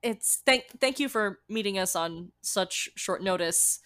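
A woman's voice: mid-range voice, a little slow, fairly bright tone. A woman playing a tabletop role-playing game, speaking politely and a little flustered. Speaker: player. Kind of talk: casual tabletop play.

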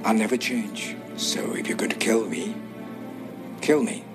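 An actor playing a blunt, defiant villain in an action film, speaking in flat, stubborn declarations. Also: male voice, lowish voice, measured pace. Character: blunt adult male movie villain, defiant. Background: film score music.

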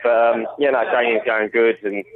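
A man with a London accent, a professional boxer speaking on a phone call, laid-back and modest and quick to laugh. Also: medium pitch, fairly even intonation. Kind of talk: interview over the phone. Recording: tinny phone line.

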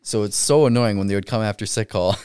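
A man's voice: lowish voice, fast talker, darkish tone, smooth, no room sound, clean studio sound. A young man chatting casually as a guest, laughing often and mimicking people in exasperated quoted voices. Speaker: guest recalling military clinic work abroad. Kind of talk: casual chat.

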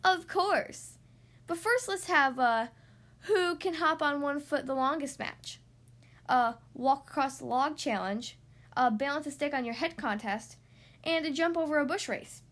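Hyper little duck girl, high-pitched and shouting, boastful, voiced by a woman in a storybook. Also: measured pace.

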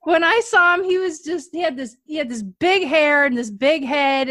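Bubbly high-voiced woman, dry and close. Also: moderate pace, hardly any pauses, a bit bright, no echo. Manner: bubbly, laughing, chatty. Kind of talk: casual chat.

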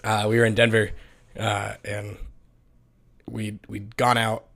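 A young adult man co-hosting a podcast, telling stories in a casual, profane, animated way. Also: on the low side, slow, gravelly. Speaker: podcast co-host. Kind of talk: casual chat.

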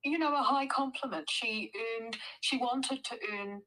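A woman's voice: a little high, measured pace, bright, forceful tone, poor audio. A woman guest author talking in a casual interview, thoughtful and full of fillers and restarts.

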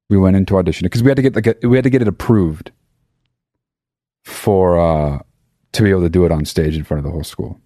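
A man's voice: deep voice, warm tone, no echo, clean studio sound. A man telling a comedic story in a rambling monologue, swearing freely and mocking himself, often stopping to correct himself. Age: adult. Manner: profane, sarcastic, rambling with self-interruptions.

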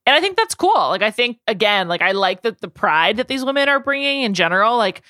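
Bright, dry-sounding woman podcaster. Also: medium pitch, very animated, brisk, no echo. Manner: enthusiastic, rambling, heavy "like" fillers. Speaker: podcast co-host. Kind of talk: casual chat.

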